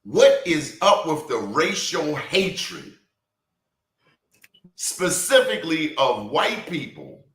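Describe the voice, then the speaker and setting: A man's voice: a little high, very animated, a bit bright. Emphatic male host in an echoey room. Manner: emphatic, deliberate, repeats words for stress. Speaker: interview host. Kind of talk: hard-hitting interview. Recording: roomy echo.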